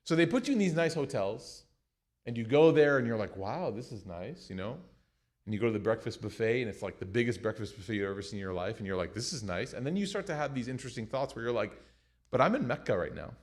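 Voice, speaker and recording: A man's voice: medium pitch, quick pace. Joking American man teaching a class. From United States. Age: young adult. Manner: conversational, joking, animated retelling. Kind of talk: class lecture with storytelling.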